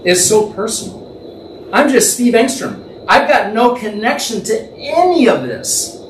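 A man's voice: high-pitched, big pitch swings, a little slow. A man teaching from the Bible in a conversational, thinking-aloud way, imagining the scene and correcting himself as he goes. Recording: echoey room, distant mic, faint background noise.

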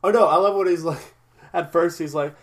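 A man's voice: fairly high pitch, moderate pace. A man chatting casually as a podcast co-host, recapping an episode with many restarts and frequent laughs.

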